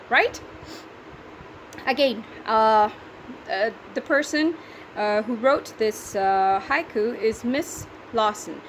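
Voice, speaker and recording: A woman's voice: a little high, slight background noise, low-quality recording. A woman teacher with a Pakistani English accent, patiently explaining a poetry lesson step by step and counting syllables aloud.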